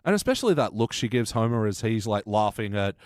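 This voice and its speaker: A man hosting a casual podcast chat, talkative and quick to laugh, often acting out quoted lines. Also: fairly low pitch, very animated, no echo, clean studio sound. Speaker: podcast host.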